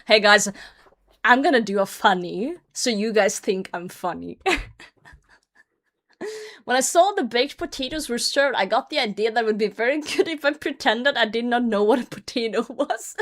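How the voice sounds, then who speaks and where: Her voice runs on the high side, expressive and fairly bright, at a moderate pace as she streams and reads a story aloud in casual chat. Blunt and often swearing, she keeps laughing her way through the reading.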